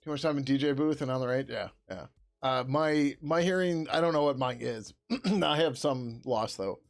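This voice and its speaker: This man codes on a live stream, answering questions he reads from chat and laughing a lot in a casual way. He's an open-source developer with a creaky, medium-pitched voice at normal speed who slips into a loud, joking whisper.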